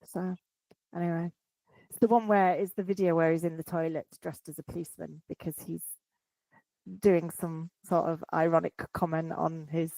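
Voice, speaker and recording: A woman's voice: lowish voice, level tone, moderate pace, vocal fry, warm tone, no room sound, poor audio. A woman co-hosting a podcast in casual chat, chatty and self-mocking, laughing often. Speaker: podcast co-host.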